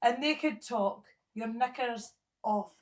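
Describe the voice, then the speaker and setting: A woman's voice: on the high side, slow. A middle-aged Scottish woman talking in an interview, blunt and bawdy, laughing at her own jokes. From Scotland. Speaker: guest. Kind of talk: candid interview talk.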